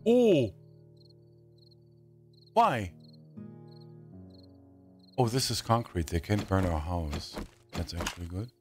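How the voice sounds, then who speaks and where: A man's voice: deep voice, huge pitch swings, slow, pauses often, over music. A man casually commenting on his own survival game, chatting to the zombies and grumbling at them in mock annoyance; his is not English. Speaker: gaming channel host.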